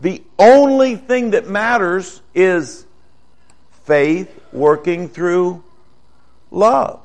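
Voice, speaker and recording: A man's voice: high-pitched, very slow. An older man preaching a folksy, conversational sermon, asking the congregation questions.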